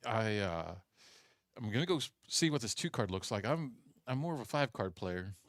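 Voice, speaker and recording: A man co-hosting a poker stream, bantering with deadpan jokes and playful boasts. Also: fairly low pitch, moderate pace, dry recording, studio quality. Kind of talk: casual joking banter.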